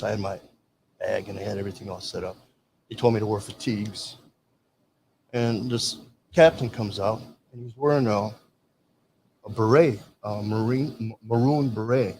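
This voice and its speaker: A man's voice: lowish voice, darkish tone, a little hiss or hum. An older man from Michigan, a veteran telling rambling stories and acting out quoted dialogue in casual chat. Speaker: veteran guest. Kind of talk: casual storytelling.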